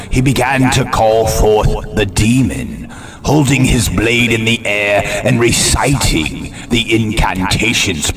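A man hosting a horror show, narrating a scary story slowly and dramatically, with an ominous tone. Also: lowish voice. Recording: narration over loud music. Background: music.

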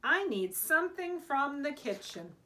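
A woman's voice: high voice, sing-song, unhurried, sharp tone, voice pushed up, full character voice. A woman reading aloud as a dreamy, eager little male mouse in a storybook.

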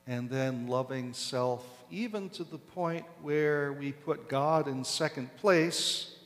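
A male pastor delivers his sermon at an unhurried, measured pace, pressing down on the words he wants remembered. His voice sits a little high for a man, and it rings out into the long echo of a church sanctuary. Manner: slow, deliberate preaching with emphatic stresses.

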